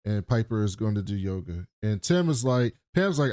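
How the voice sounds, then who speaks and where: A man's voice: fairly low pitch, very animated, fairly quick, dark tone, no room sound, studio quality. A man co-hosting a podcast, retelling scenes in casual chat, swearing freely and acting out quotes. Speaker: podcast co-host.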